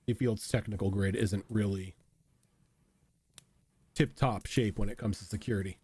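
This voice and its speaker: A man narrating as game master of a tabletop role-playing game, in a relaxed, descriptive way. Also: fairly low pitch, moderate pace, husky.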